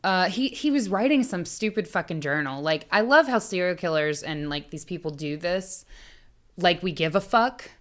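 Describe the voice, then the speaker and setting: A woman's voice: on the low side, animated, normal speed, a bit bright. A woman co-hosting a podcast in casual true-crime chat, blunt and swearing freely, laughing often. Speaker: podcast co-host.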